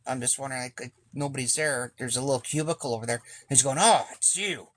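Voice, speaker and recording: Man, casual storytelling to camera, rambling, swears, mid-pitched. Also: fairly even intonation, quick pace, a bit bright. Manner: rambling, profane, acts out quoted speech. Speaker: sailing vlogger.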